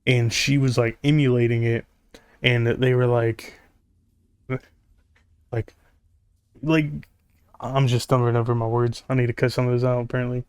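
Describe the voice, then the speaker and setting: A man's voice: medium pitch, little pitch movement, normal speed, pauses often, a little mellow, smooth, no echo. Rambling man talking casually over gameplay. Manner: rambling, full of fillers and sarcastic jokes. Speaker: gaming YouTuber.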